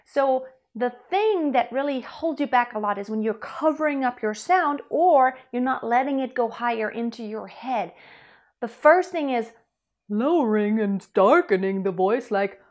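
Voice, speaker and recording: A young woman coaching singers with a slightly high voice. She explains vocal technique in an easy, chatty way and breaks into short sung demonstration notes. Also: expressive, a little slow. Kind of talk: singing lesson.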